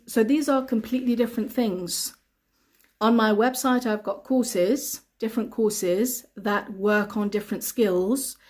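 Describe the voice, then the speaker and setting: A woman's voice: fairly high pitch, darkish tone. Patient woman teacher answering live questions. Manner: reads viewer comments aloud, then answers patiently with repetition. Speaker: English teacher. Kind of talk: live stream Q&A with learners.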